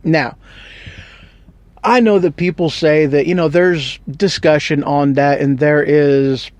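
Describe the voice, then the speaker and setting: A man's voice: a little high, steady tone, takes it slowly, darkish tone, no room sound. A man telling a Bible story in a casual, rambling, joking way with slang. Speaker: Bible teacher.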